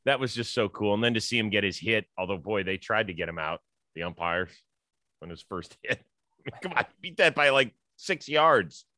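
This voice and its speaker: A man hosting a sports talk show, chatty and emphatic, quick to joke. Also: fairly low pitch, animated, pushed and bright, no echo, studio quality.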